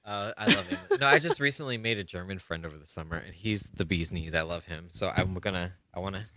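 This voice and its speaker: A man's voice: deep voice, quick pace, pushed and bright, no room sound. An American man chatting casually, rambling with frequent ums. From United States. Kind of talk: casual chat.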